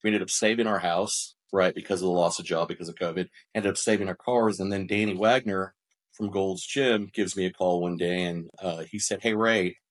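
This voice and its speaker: A man's voice: deep voice, brisk. A man guesting on a podcast, telling his business story in a conversational way. He talks animatedly, often acts out what people said, and restarts and repeats words as he goes. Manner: animated, acts out quoted dialogue.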